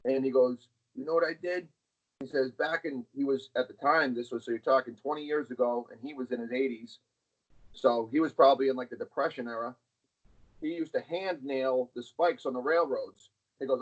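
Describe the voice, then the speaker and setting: Here a middle-aged arm wrestler, interviewed as a guest, spins casual yarns in a blunt manner and curses freely. His pitch is medium and his speed normal, and the audio has a dull, lo-fi quality.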